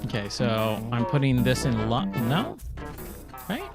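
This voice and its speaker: An upbeat man casually commenting while he streams a game. He talks in a chatty, mid-pitched voice full of fillers. Game music plays clearly behind him. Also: huge pitch swings, a little slow. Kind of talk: casual let's-play commentary.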